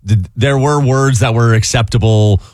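A man's voice: mid-range voice, fairly even intonation, darkish tone, dry recording, studio quality. A man co-hosting a radio show, joking and playful in casual chat. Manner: playful, joking, quick to laugh. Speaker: radio co-host.

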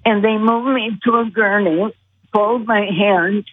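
A woman calls in and tells her story slowly and earnestly. Her voice is husky and a little breathy. It comes through a thin, tinny phone line. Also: mid-range voice, steady tone, dry recording. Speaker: guest. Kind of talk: storytelling on a call-in show. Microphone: telephone.

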